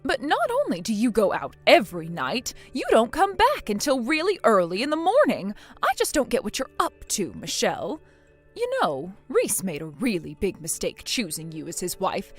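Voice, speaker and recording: A woman's voice: mid-range voice, huge pitch swings, normal speed, husky, faint music behind. A woman voicing a bossy, scornful middle-aged mother-in-law in a text-message drama, harsh and scolding. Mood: accusing.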